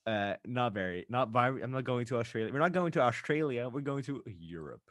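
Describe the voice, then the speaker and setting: A young man hosting a podcast in casual chat, ranting animatedly with quick asides. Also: medium pitch, expressive, fairly bright tone, no echo, studio quality. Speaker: podcast host.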